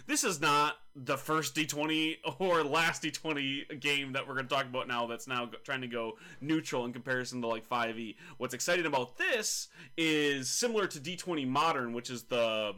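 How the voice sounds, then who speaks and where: A man in his thirties, co-hosting a casual tabletop podcast. His voice has a bright, forward ring at an ordinary pitch. He rambles good-naturedly, teasing his co-host and trailing into fillers. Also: moderate pace, few pauses. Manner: joking, mock-scolding, rambling with fillers. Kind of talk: casual chat about tabletop games.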